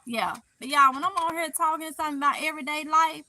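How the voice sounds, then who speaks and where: A woman's voice: high-pitched, fairly even intonation, fast talker, sharp tone, no room sound, rough recording. A middle-aged woman with a Mississippi accent hosting a casual livestream, reading chat comments in a chatty, playful way with heavy Southern dialect and frequent laughs.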